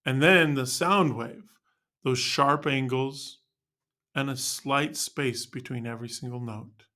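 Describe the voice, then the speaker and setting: A man's voice: medium pitch, slow pace, bright, forceful tone. A man teaching band students how to end notes, narrating a scripted lesson in an upbeat, explanatory way.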